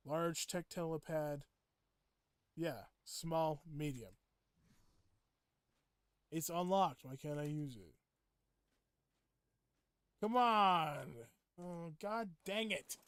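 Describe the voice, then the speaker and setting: A man chatting casually with viewers while playing a game, rambling and breaking into excited outbursts. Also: fairly high pitch, extremely slow, long pauses, clean tone, no echo. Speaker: game streamer. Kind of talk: casual gameplay chat with viewers.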